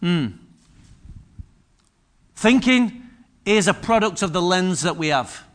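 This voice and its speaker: Emphatic preacher with a bright voice. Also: male voice, high-pitched, lively intonation, slow. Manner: repetitive, emphatic phrases with many restarts. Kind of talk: sermon.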